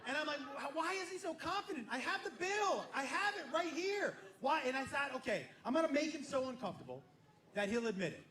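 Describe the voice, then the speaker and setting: High-voiced stand-up comedian man, echoey club. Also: a little fast, a crowd in the background. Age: middle-aged. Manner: animated storytelling, acting out dialogue. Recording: echoey room with audience noise. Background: audience laughter.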